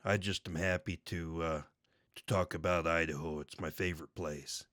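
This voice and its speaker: A man's voice: low voice, steady tone, moderate pace, a bit bright, no room sound, clean studio sound, pitched below the performer's own voice. A man voicing a laid-back hippie co-host with an easygoing, drawling way of talking. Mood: mellow. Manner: drawling, easygoing, says "man" and "stay cool". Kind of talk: casual show sign-off.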